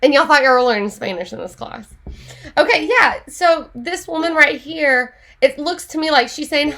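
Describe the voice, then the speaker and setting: A woman teaching an online Spanish class in a chatty, animated way, laughing often. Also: sits high, moderate pace.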